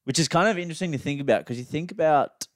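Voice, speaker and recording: A man's voice: fairly high pitch, racing, dry recording, clean studio sound. A young Australian man co-hosting a podcast, rambling casually with lots of fillers and restarts. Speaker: podcast co-host. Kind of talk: casual chat.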